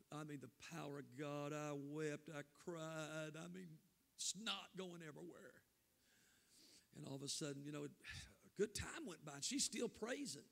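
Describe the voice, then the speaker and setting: An older man preaches in a church sanctuary, his voice sitting high with a gravelly rasp. His words ring out into a long hall reverb. He talks with fervent emotion and draws out his phrases. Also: a bit bright. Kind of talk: emotional revival sermon storytelling.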